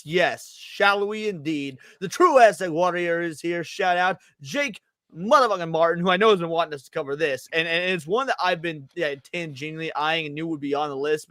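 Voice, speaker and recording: Energetic male stream host with a high voice, chatty and casual, dry close-mic sound. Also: dry recording. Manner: energetic, shouting out chat names. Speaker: podcast host. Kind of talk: casual livestream podcast chat.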